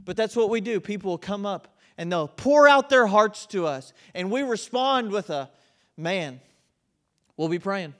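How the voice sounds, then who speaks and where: A man with a high voice delivers an impassioned sermon. He drives his points home with force, then drops low and quiet to press them in. He sounds middle-aged. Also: expressive, normal speed, few pauses. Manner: impassioned preaching, swings between loud emphasis and quiet intensity. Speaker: pastor.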